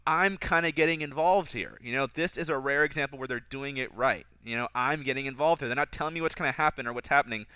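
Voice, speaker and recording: Bright-voiced man critiquing a film. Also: fast, hardly any pauses, clear, resonant tone, no room sound. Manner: critical, mocks dialogue in a higher voice. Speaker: film commentator. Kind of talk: casual film commentary.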